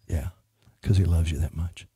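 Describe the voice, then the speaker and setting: A man's voice: deep voice, fairly even intonation, normal speed, dark tone, husky, no echo. A man ministering as a prophet, speaking emphatically and praying over a woman in church. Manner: emphatic, prays over a person.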